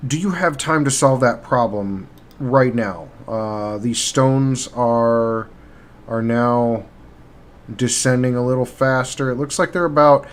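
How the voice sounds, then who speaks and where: Slow, halting man running a tabletop game. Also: medium pitch. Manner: halting, pauses while working the game tools. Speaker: game master. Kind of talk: narrating a live-streamed tabletop game. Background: faint guitar music.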